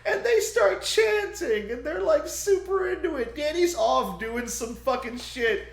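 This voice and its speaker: Animated, profane young man retelling a movie. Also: very high voice, a little slow, creaky, roomy sound, slight background noise. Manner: animated, profane storytelling with loud acted-out screams. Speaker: podcast co-host. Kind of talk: casual chat, retelling a movie plot.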